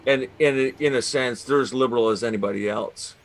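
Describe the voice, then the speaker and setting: A man's voice: mid-range voice, a little fast. A man from Canada with a mid-range voice, rambling through his points with restarts and fillers. Faint background noise sits under his voice. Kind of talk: casual podcast banter.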